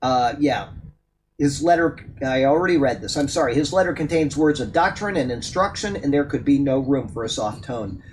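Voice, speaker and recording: A man's voice: mid-range voice, lively intonation, moderate pace, slight background noise, rough recording. A man teaching a Bible study. He reads a passage aloud and then comments on it in a loose, conversational way with fillers, and turns firm and emphatic on points of doctrine.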